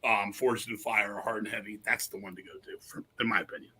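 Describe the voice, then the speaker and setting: Husky, bright-toned middle-aged man, loud and rapid-fire, profane raconteur on a podcast. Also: fairly low pitch, level tone, low-quality recording. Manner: loud, rapid, profane storyteller, acts out quotes. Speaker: podcast guest, metal musician. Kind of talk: casual chat, storytelling.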